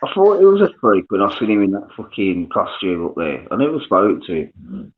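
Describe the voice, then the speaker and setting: A man chatting excitedly on a live panel, restarting his sentences and swearing. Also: lowish voice, a little fast. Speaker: panel guest. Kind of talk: casual live panel chat. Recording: tinny phone-line audio.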